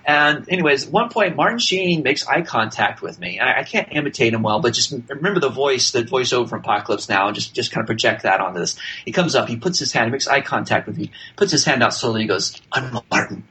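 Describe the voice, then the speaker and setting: A man with a bright, forceful voice tells a casual showbiz anecdote as a podcast guest. His talk is chatty and loose, with frequent fillers and restarts, at a middle pitch. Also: lively intonation, fast, hardly any pauses, poor audio.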